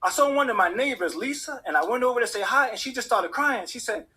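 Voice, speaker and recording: A man telling a personal story in an animated way, acting out the people in it. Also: very high voice, fast talker, slight background noise. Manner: animated, acts out the voices of people in his story. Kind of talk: personal story told to an audience.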